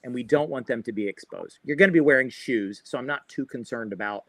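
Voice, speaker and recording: A man's voice: medium pitch, quick pace, fairly bright tone, dry recording. A man coaching runners on a livestream, upbeat and chatty, often adding "right?" to his points. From Florida. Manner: upbeat, chatty, repeats himself with many "right?" tags. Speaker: running coach. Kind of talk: livestream guest advice.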